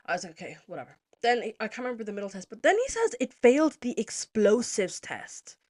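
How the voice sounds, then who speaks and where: A young woman from Zimbabwe hosting a podcast, telling a story in a casual, animated way and moving into political commentary, with lots of "like" and some swearing. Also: on the high side, brisk. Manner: animated, chatty, heavy use of "like", swears freely. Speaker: podcast host.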